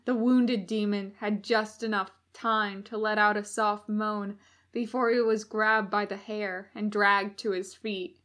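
Slow, measured woman reading a story. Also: medium pitch, flat delivery, fairly bright tone. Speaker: podfic reader. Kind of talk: audiobook narration of fan fiction.

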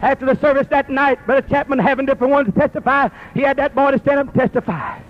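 Man, fervent preacher, very high voice, dull lo-fi recording. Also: steady tone, quick pace, slight background noise. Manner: impassioned preaching, builds from low storytelling to shouting and crying. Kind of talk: sermon.

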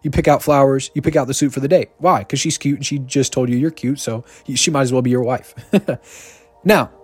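A man giving an energetic, joking podcast sermon, rushing through asides and then slowing down to repeat key lines. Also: mid-range voice, breathy edge, no echo. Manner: energetic, joking, swings between rapid asides and slow emphatic repetition. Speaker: podcast preacher. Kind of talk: casual sermon.

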